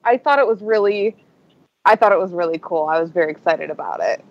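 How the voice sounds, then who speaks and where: A woman on a fan podcast, talking excitedly and gushing, with lots of "like.". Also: on the low side, brisk, muffled recording. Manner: excited, gushing, many likes. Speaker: podcast panelist. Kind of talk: casual fan discussion.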